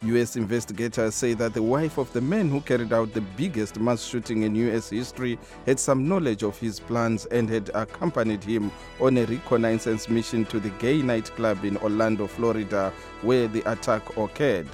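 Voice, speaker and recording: A man reading the radio news and introducing an interview, formal and measured. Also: on the low side, darkish tone, faint music behind. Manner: measured, formal, occasional "uh" before a segment.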